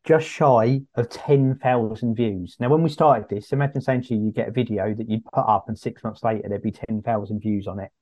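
A man's voice: on the low side, steady tone, a little fast, few pauses, dark tone, no echo. Wry, joking man co-host. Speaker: podcast co-host. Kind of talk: casual live podcast chat.

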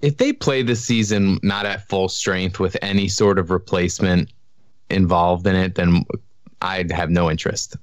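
A man co-hosting a podcast, speaking in a calm, measured way. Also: deep voice, smooth, dry recording. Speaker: podcast co-host. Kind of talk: casual podcast chat.

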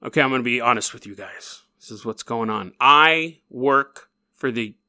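A man's voice: mid-range voice, normal speed, bright, forceful tone, voice pushed down. A man playing an arrested conspiracy man who talks in an earnest, confiding way.

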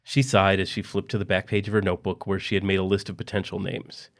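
A man reads a story aloud in a low, even voice. His narration stays quiet and steady, with little push. The pacing is unhurried.

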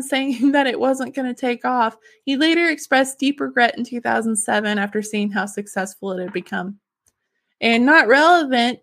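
High-voiced giggly woman sharing facts. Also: a bit bright. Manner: giggly and enthusiastic. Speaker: podcast host. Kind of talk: casual chat, reading out facts.

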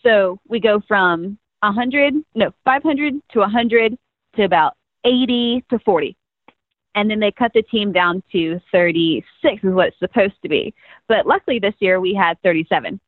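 A woman's voice: mid-range voice, normal speed, dry recording. A young woman in her twenties, a first-year pro cheerleader, chatting bubbly in an interview and laughing often. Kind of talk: casual interview storytelling. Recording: tinny phone-like line, dry.

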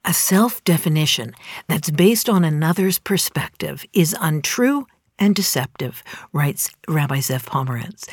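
Woman in her 40s, low-ish voice, earnest reflective talk, dry close sound, leans hard on words. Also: husky, dry recording. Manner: earnest, measured, dramatic emphasis. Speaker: inspirational speaker. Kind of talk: reflective spoken essay.

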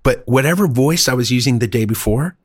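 Laid-back male songwriter, middle pitch, dry close-up sound. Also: lively intonation, brisk, slightly rough, dry recording. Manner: easygoing, puzzled, says dude. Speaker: musician. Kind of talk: casual chat.

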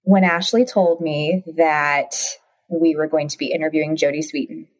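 A woman in her thirties co-hosting a podcast, chatting casually and expressively. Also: moderate pace. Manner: expressive, bursts into high silly voices. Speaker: podcast co-host. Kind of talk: casual chat.

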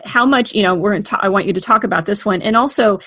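A woman's voice: mid-range voice, fast, sharp tone. A woman hosting a casual parenting podcast interview, supportive, laughing often and giving brief affirmations. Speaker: podcast host.

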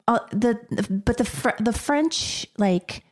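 A middle-aged woman co-hosting a casual chat, chatty and quick to laugh. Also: a little high. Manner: chatty, laughing often, with fillers and restarts. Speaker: podcast co-host.

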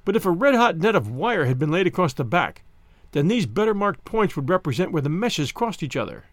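A man's voice: high voice, big pitch swings, a little fast, dry recording. A man voicing a doubtful, eager middle-aged police inspector who keeps probing with questions in a storybook.

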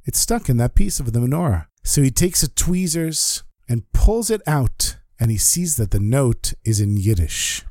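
A man's voice: medium pitch, normal speed, hardly any pauses, dry recording, clean studio sound. A man telling a story, acting out the quoted speech of the people in it. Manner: animated, acts out quoted speech. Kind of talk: storytelling narration.

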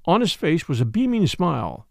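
A male narrator reads a classic mystery in an expressive, animated way. His pitch sits slightly high and swings widely, and the recording is close and dry with no room sound. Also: moderate pace, gravelly, dry recording. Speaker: audiobook narrator. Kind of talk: scripted narration.

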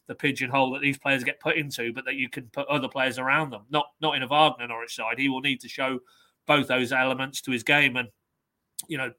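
A man who reports on football, giving measured analysis on a podcast and reading quotes from his notes. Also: medium pitch, little pitch movement, bright, forceful tone.

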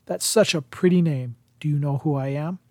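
A man reading the lines of a gentle, encouraging middle-aged woman president in an audiobook. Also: low voice, moderate pace, no echo, studio quality.

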